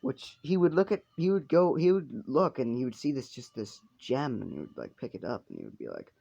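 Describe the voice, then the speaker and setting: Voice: medium pitch, sing-song, brisk, gravelly, dark tone, breathy edge, lo-fi sound. A storyteller improvising a fan-fiction tale in a rambling, casual way, full of fillers and swearing, over faint game music. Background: faint video game music.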